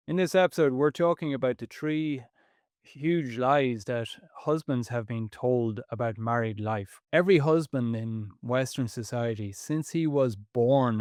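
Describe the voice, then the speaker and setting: Male podcast co-host, earnest and emphatic, mid-pitched, dry close sound. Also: a little mellow, smooth, no room sound. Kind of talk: reflective podcast talk.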